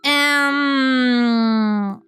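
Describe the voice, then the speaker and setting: A woman's voice: sits high, extremely slow, a bit bright, smooth, soft background music. A woman streamer who speaks natively, chatting casually and playfully on a live stream, swearing freely as she goes.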